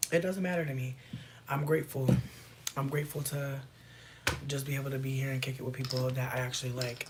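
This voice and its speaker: A woman's voice: rumbling low, background noise. A woman chatting casually on a livestream, reading and answering comments in a playful, laid-back way with plenty of swearing.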